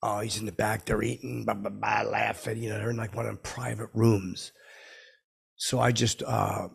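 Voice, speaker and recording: Gravelly rambling man telling a story. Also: on the low side, flat delivery, normal speed. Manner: stammering, repeats himself, brash. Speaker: comedy podcast host telling a story.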